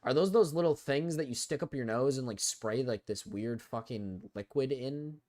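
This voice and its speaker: A man's voice: medium pitch, moderate pace, a little mellow. A young man with a cold, swearing and complaining in frustration as he commentates a live gaming stream. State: sick with a cold.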